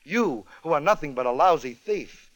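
A man's voice: fairly high pitch, lively intonation, normal speed, very noisy, close to an everyday voice. A man voicing a haughty young English noblewoman in a comic radio tale, prim and indignant.

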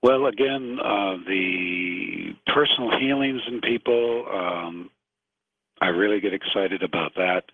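A man in his fifties speaks as a guest on call-in radio, slow and earnest, pausing often to find his words. His voice sits very low and has a husky edge. The sound is thin and dry, like a phone line. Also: no echo. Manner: slow, earnest, many hesitations.

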